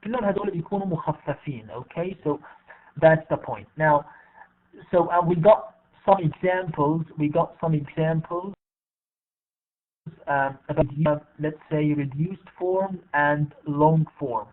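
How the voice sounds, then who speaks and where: A man teaching English in an online class, speaking haltingly with many fillers and repeated words. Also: fairly high pitch. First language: Arabic. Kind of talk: bilingual online lesson. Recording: tinny phone-like online call audio.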